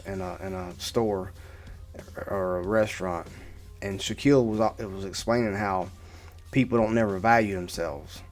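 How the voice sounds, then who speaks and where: Guy in his 30s rambling thru a story to camera, lowish voice, keeps going "right?", faint music under it. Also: a little mellow. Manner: rambling, repeats "right?" and restarts. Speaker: vlogger.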